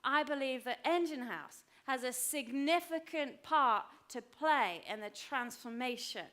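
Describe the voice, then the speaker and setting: Lady pastor in her 50s giving a sermon, higher voice, leans on repeated lines, goes quiet for stories. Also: a little slow. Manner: emphatic, repeats phrases for weight; drops to a hushed voice for personal stories.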